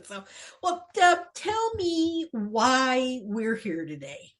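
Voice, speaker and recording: A woman hosting a podcast, reading a scripted intro and then chatting with her guest, sometimes dropping to a soft, breathy tone. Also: high voice, wildly swooping pitch, takes it slowly. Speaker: podcast host.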